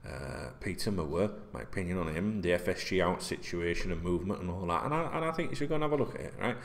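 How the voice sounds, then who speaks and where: A man's voice: low voice, animated, fast. Sweary blunt man in his forties. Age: 40s. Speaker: football vlogger. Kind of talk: casual rant to camera.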